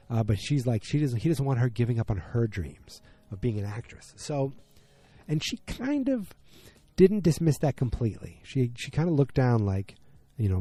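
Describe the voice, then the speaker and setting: A man's voice: fairly low pitch, mellow. A man hosting a podcast, recapping a TV episode in a casual, rambling way with plenty of ums. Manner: chatty, many ums, quotes characters loosely. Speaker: podcast host.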